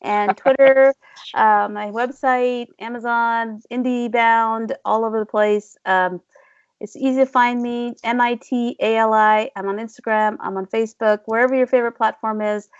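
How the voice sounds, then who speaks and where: A woman's voice: on the high side, steady tone, moderate pace, smooth, no room sound. Playful laughing woman author, lo-fi sound. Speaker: author, podcast guest. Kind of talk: casual interview chat. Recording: dull, dry lo-fi audio.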